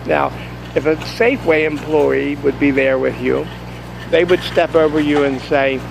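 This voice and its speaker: A man's voice: a little high, steady tone, unhurried, gravelly, a little hiss or hum, low-quality recording. A man vlogging from a store parking lot and then his car, telling a rambling, jokey story. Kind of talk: casual joking storytelling.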